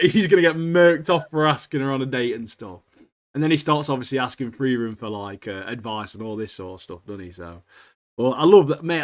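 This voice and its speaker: A young man co-hosting a podcast, chatting casually with slang and enthusiasm. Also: mid-range voice. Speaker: podcast co-host. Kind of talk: casual chat.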